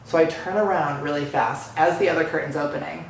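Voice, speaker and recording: A young man vlogger excitedly retelling a fan encounter story, gushing and breathless, full of fillers. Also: fairly high pitch, brisk, gravelly, slight background noise. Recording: very echoey room.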